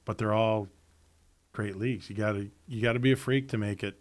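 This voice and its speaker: A man's voice: on the low side, steady tone, a little fast. A middle-aged man, a former hockey captain, chatting easily as a podcast guest and repeating himself for emphasis. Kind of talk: casual interview chat. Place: podcast studio.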